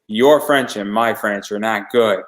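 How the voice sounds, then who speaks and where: A man's voice: on the low side, unhurried, a bit bright, poor audio. A man from the United States hosting a casual interview, chatty and self-deprecating, often restarting his sentences. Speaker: podcast host.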